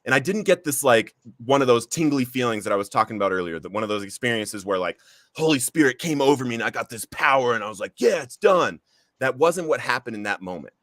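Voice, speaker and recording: A man's voice: medium pitch, lively intonation, fast talker, a bit bright, dry recording, clean studio sound. A man hosting a recovery podcast, sharing a personal testimony in an earnest, heartfelt storytelling manner. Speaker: podcast host.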